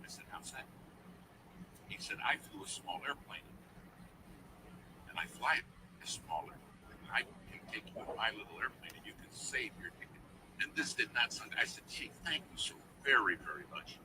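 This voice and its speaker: A man's voice: fairly low pitch, big pitch swings, moderate pace, recorded from a distance, noisy background. A man preaching a sermon through a dramatic personal story, dropping to a near whisper at the tense moments.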